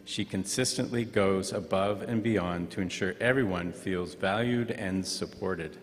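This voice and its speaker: A man presenting an award with a measured, formal announcement in a large event hall, speaking into a podium microphone. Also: lowish voice. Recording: long hall reverb.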